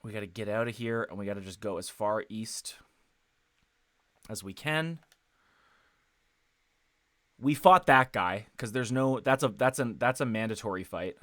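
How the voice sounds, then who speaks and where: With a fairly low, slightly bright voice, a man streams gameplay over a headset at a measured pace, pausing often. He rambles casually to viewers, restarting and correcting himself with lots of fillers, and there's no room sound.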